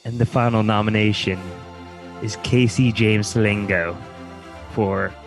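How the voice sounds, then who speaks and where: A man's voice: lowish voice, steady tone, measured pace, soft background music. A man co-hosting a podcast in casual chat, joking while announcing award nominees. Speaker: podcast co-host.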